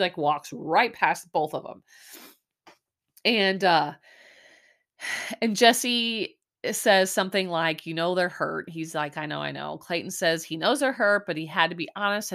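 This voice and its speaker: A woman's voice: on the low side, fairly bright tone. A woman hosting a podcast, recapping a reality show episode in a casual, rambling way with frequent giggles and restarts. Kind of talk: casual chat.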